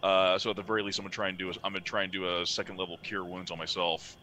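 Male player, rambling, lowish voice, bright timbre. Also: little pitch movement, very fast, slight background noise. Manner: hesitant, rambling. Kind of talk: casual tabletop game talk.

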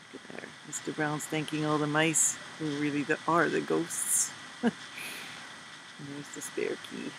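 A woman's voice: low voice, creaky, noisy background. Woman reading a kids' storybook aloud. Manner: chatty, playful asides to young listeners. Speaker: storybook reader. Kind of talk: reading a children's book aloud with asides.

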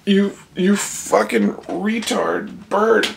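A man's voice: high-pitched, fairly even intonation, very slow, vocal fry, background noise. A startled man stammering and swearing in a casual home video, filmed on a phone inside his house. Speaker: vlogger.

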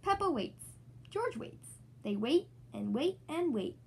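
Upbeat young woman, read-aloud storytelling, animated melody, high voice. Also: slow, gravelly. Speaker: children's book reader.

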